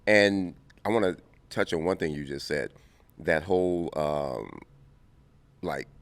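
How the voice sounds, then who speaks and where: Deep voiced guy in his 50s, from compton, animated storyteller, swoops all over, dry sound. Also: slow pace, gravelly, dry recording. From Compton, California. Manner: animated, laughing storyteller who acts out scenes. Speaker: guest. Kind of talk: casual interview storytelling.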